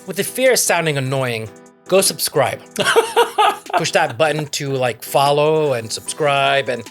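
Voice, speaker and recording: A man's voice: a little high, measured pace, a bit bright, soft background music. A man co-hosting a casual podcast, telling a rambling story with fillers and giggles. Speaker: podcast co-host.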